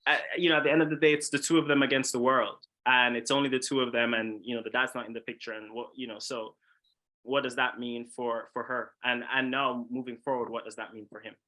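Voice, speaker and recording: Bright-voiced male filmmaker, halting. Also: medium pitch, little pitch movement. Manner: halting, many restarts. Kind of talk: casual panel discussion.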